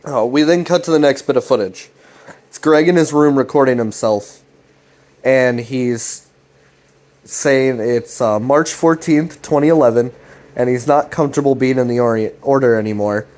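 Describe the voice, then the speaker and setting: A man's voice: medium pitch, normal speed, darkish tone. A young man recapping a web series in a loose, rambling way, swearing often and restarting his sentences. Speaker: host.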